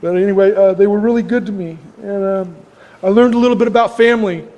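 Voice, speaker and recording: Man, fairly high voice, folksy rambling recovery speaker, chuckles at himself, long hall reverb. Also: quick pace, a little mellow, dull audio. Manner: folksy, rambling storyteller, laughing often at himself. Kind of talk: personal recovery story talk. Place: club meeting hall.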